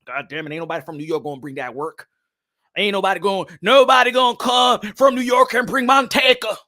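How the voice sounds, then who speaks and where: Hyped high-voiced man shouting shout-outs. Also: fairly even intonation, a little fast. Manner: loud, hyped, profane, frequent shouting; drops Spanish phrases. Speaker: boxing channel host. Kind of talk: live-stream commentary and viewer shout-outs.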